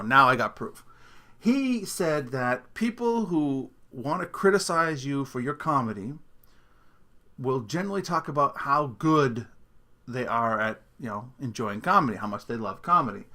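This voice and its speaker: Middle-aged guy doing a comedy rant on his podcast, highish voice, mocking tone, keeps cracking up laughing. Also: sharp tone. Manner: laughs often between sentences; sarcastic, mocking tone. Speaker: podcast host.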